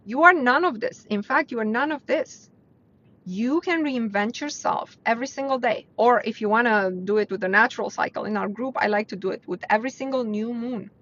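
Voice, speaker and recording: A woman's voice: a little fast, a bit bright. Blunt motivational woman on a lo-fi stream. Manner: blunt, earnest, rises in pitch to stress points. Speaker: host of a weekly live mindset stream. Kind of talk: casual motivational talk to live viewers. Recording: dull lo-fi livestream audio.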